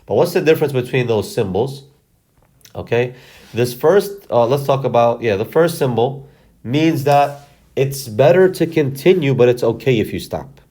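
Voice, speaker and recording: A man's voice: medium pitch, lively intonation, normal speed, warm tone. A man teaching how to read and recite the Quran, explaining the stop symbols patiently step by step and often checking in with "okay?". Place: recorded lesson video.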